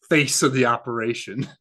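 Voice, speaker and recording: A man's voice: mid-range voice, fairly even intonation, a little slow, sharp tone. A man hosting a podcast chat, reacting with short remarks and laughing often. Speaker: podcast host. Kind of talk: casual chat.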